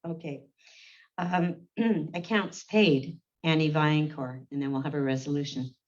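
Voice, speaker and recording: A woman serving as warden, chairing a formal council meeting in a brisk, procedural way and calling the roll. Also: low voice, steady tone, a little mellow. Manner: brisk, procedural, reads names in a roll call. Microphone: meeting-room microphone on a livestream. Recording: dull lo-fi livestream audio.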